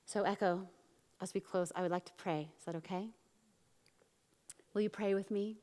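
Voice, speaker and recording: A woman pastor preaching a sermon and telling a story, acting out the quotes with big swings from loud to soft. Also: medium pitch, steady tone, moderate pace, pauses often, long reverb tail. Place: church.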